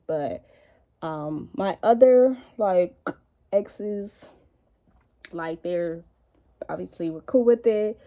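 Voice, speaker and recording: A woman's voice: deep voice, vocal fry, mellow. Chatty, cussing young woman vlogger. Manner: chatty, profane, rambling, with many likes. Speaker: beauty vlogger. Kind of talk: casual makeup vlog storytelling.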